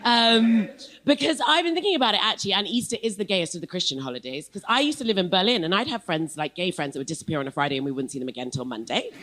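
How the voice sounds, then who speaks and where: A woman's voice: lowish voice, lively intonation, fast talker, fairly bright tone. A woman with a posh English accent doing a live stand-up set on a club stage, chatty and playful, bantering with the crowd and laughing between lines. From England, London then West Country. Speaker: stand-up comedian.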